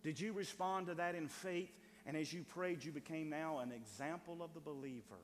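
A man preaching a sermon as pastor, calling out to the church and building to loud, rising appeals. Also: fairly high pitch, normal speed, in a large hall, slight background noise.

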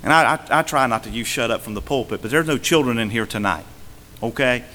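A male pastor preaching a sermon from the pulpit, swinging between emphatic and hushed delivery. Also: mid-range voice, a little fast, long reverb tail, a little hiss or hum. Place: church sanctuary.

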